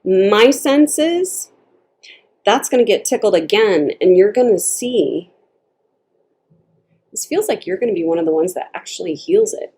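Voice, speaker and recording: A woman talks her viewers through a tarot reading in a relaxed, mellow voice of middling pitch. She wanders off on tangents, laughs easily and slips into little acted-out voices when she quotes someone. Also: a little slow, long pauses. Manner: chatty and digressive, laughing often; acts out quoted speech in shifting voices. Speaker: tarot reader.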